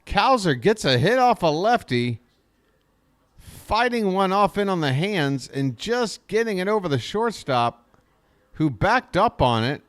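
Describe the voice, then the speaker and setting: Man, fan streamer calling baseball live; unhurried, very expressive pitch, talks to his chat. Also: no room sound. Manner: chatty, talks straight to his chat viewers; gets excited on big plays. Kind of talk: live fan play-by-play commentary.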